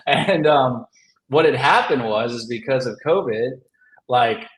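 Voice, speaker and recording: A man's voice: medium pitch, unhurried. A man, a comic writer and guest, telling a story in a casual, rambling way, filling it with "like" and laughing often. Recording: roomy echo.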